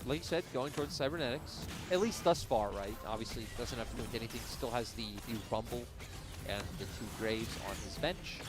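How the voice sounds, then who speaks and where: A man chatting casually as an esports caster, animated, with lots of fillers and laughs. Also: medium pitch, music in the background. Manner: rapid, animated, laughs, says 'like' a lot. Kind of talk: casual banter between casters.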